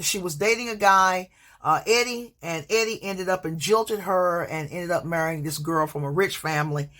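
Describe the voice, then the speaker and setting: Fields: Sex: woman. Role: teacher and book reviewer. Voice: bright. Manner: hesitant, stammering. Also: fairly low pitch. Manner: hesitant, many fillers and restarts, admits stuttering. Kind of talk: casual book review monologue.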